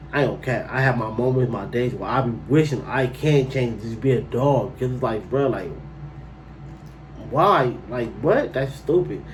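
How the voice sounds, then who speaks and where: A man's voice: medium pitch, distant mic, slight background noise, poor audio. A man telling a personal story to camera in a casual, slangy way, breaking into incredulous outbursts.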